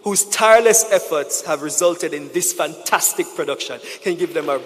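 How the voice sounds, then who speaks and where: A man giving a formal conference speech from a podium. He is measured and emphatic and builds to a rallying close. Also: fairly high pitch, noisy background. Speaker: conference speaker, head of a government office. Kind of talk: formal speech with thanks and a closing charge. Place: large conference hall. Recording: reverberant hall through the PA.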